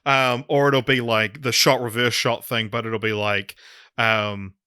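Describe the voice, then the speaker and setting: A man's voice: mid-range voice, little pitch movement, unhurried, sharp tone, smooth, dry recording, clean studio sound. A man co-hosting a casual film review podcast, rambling with lots of fillers and laughing at his own points. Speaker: podcast co-host.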